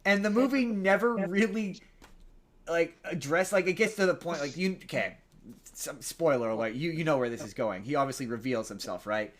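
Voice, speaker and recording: A man's voice: on the high side, animated, normal speed. Rambling man retelling a movie. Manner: rambling with many restarts and quoted lines. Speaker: podcast co-host. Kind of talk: casual chat retelling a movie plot.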